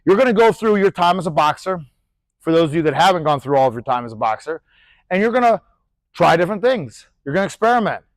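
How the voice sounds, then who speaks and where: A middle-aged male boxing coach talks through technique in a casual, animated way, his fairly high voice close and dry. He swears lightly, throws in sharp punch noises, and keeps asking "right?" as he goes. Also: quick pace, dry recording, poor audio. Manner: animated, demonstrates punches with shouted sound effects; loose, chatty, swears casually. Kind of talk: casual instructional talk.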